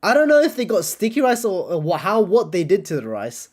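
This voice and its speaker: A woman's voice: medium pitch, very animated, fairly quick, darkish tone. Chatty woman hosting a watch party. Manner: chatty, greets viewers, reacts with laughter. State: slightly under the weather. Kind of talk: casual commentary over clips.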